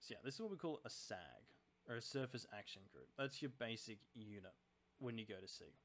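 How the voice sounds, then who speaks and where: A channel host plays a naval strategy game, thinking aloud about tactics in a chatty, analytical let's-play. His medium-pitched voice is a bit bright with lively intonation, and he talks a little fast.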